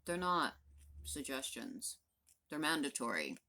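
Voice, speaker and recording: A woman's voice: extremely low pitch, sing-song, unhurried, pushed and bright. A woman in her fifties, a vlogger, venting to the camera in a blunt, profane, exasperated rant. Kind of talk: angry direct-to-camera rant.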